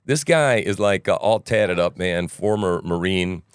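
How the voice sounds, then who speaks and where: A man's voice: sits low, animated, unhurried, clean tone, no room sound, clean studio sound. A male podcast host with a morning voice, rambling through casual livestream news commentary and tossing in "right?" asides and jokes.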